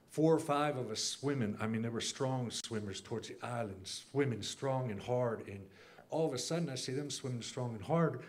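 A man with an average-pitched voice tells a class about a vivid dream. He narrates it as a story, voices the people in it as he goes, and often stops to clear his throat. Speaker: class member sharing a dream. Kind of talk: recounting a dream.

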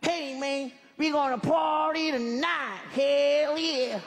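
A man putting on a loud partying American dude. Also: very high voice, steady tone, takes it slowly, gravelly, noisy background, voice pushed up, full character voice. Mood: rowdy. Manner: loud, shouting, drawled.

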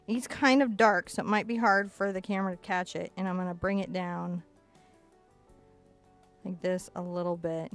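A woman's voice: fairly low pitch, fairly even intonation, moderate pace, soft background music. A woman teaching a casual step-by-step acrylic painting lesson in a chatty, playful way, narrating her brushwork as she goes. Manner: chatty, playful, talks to herself while painting.

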